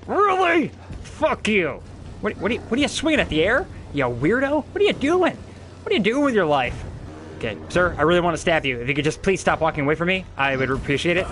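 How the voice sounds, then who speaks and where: A young man commentating his gameplay, reacting with excited, profane yelps and jokes. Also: fairly high pitch, slight background noise. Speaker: gameplay streamer.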